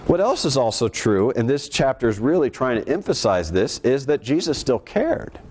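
A man preaching a sermon, reading scripture verses aloud and explaining them earnestly, slowing down on key words. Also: big pitch swings, a little mellow. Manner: slows for emphasis, varied pitch.

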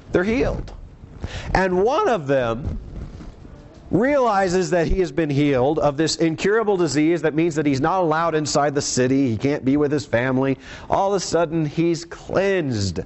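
Lively man preaching a sermon. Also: moderate pace. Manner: lively, rises and drops in pitch for emphasis. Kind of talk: sermon with scripture reading.

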